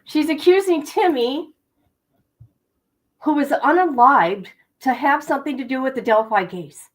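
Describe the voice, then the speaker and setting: On a true-crime livestream, a female host speaks indignantly and directly to her viewers in heated commentary. Her voice is high with lively intonation at a normal speed, and the recording is rough.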